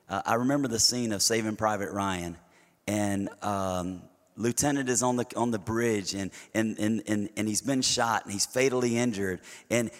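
A middle-aged man preaching a sermon at a mid pitch, his voice carrying a long hall reverb through the church sanctuary. He speaks conversationally, peppering the congregation with rhetorical questions and stumbling into repeated words as he restarts his thoughts.

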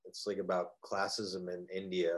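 A man chatting casually, asking curious questions and adding quick remarks. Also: low voice, completely flat delivery. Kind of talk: casual chat.

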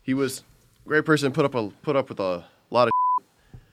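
A young American man, a podcast co-host, telling stories in casual chat with halting restarts. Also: mid-range voice, expressive, very noisy. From United States. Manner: rambling storyteller with halting restarts.

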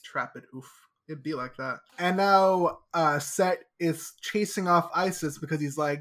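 Animated young book podcast co-host. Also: medium pitch, measured pace, few pauses. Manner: animated retelling with acted quotes. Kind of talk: casual book discussion chat.

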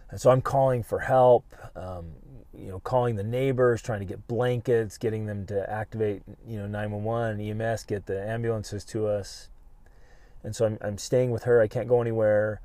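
A middle-aged American man telling a personal family story in an earnest, halting way with frequent restarts. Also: fairly low pitch, fairly even intonation, mellow, dry recording. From United States. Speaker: podcast co-host.

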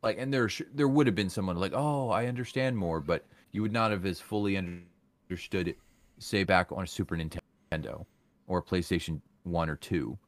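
Very deep man, dry close sound. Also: normal speed, no echo. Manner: filler-heavy, many restarts. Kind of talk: casual chat.

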